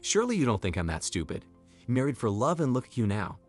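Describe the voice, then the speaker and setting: A man's voice: medium pitch, very animated, fast talker, faint music behind. A man voicing a cold, scheming young woman who talks sharply and dismissively. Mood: scornful.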